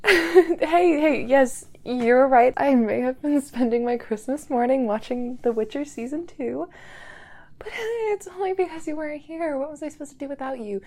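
Very high-voiced young woman, gushing. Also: takes it slowly, warm tone. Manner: gushing, effusive, breaks into laughs. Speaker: partner in a listener role-play. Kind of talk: audio role-play addressed to the listener.

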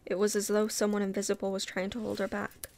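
Woman, casual novel reading, relaxed, unpolished, gravelly, mid pitch. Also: fast. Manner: relaxed, unpolished, stops to comment. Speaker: reader.

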